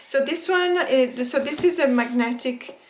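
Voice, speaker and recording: A woman vlogging a casual tarot deck unboxing, chatty and excitable, laughing often and talking to her viewers as guys. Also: high voice, measured pace, background noise.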